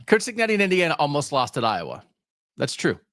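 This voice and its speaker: A man's voice: fairly high pitch, wildly swooping pitch, fast talker, fairly bright tone, slight background noise. A man hosting a sports talk podcast, delivering a sarcastic, emphatic solo rant.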